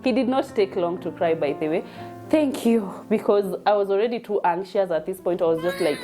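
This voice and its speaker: A woman's voice: medium pitch, brisk, dark tone, faint music behind. A young woman with a Kenyan accent telling a personal story in a chatty, emotional way, mixing English and Swahili. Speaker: vlogger telling her birth story.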